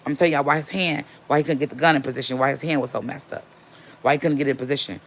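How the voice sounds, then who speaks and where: A woman casually telling a personal story, animated and repeating herself for emphasis. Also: extremely low pitch, racing. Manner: acts out quotes of others.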